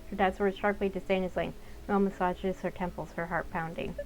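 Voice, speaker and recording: A woman's voice: lowish voice, fairly even intonation, fast, a little hiss or hum, low-quality recording. A young woman narrating a visual novel and chatting casually between lines, with fillers. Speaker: gaming channel host. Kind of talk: let's-play narration and casual commentary.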